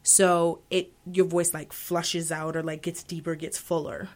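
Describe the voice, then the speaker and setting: Young woman opera singer, low-pitched. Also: little pitch movement, unhurried. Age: 20s. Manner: thoughtful, rambling with fillers and self-corrections. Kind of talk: casual interview answers.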